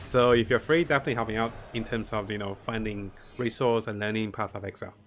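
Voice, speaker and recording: A man's voice: lowish voice, steady tone, fast talker, a bit bright. A man streaming a strategy game, thinking his moves aloud, greeting viewers and chuckling often. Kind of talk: live gameplay commentary.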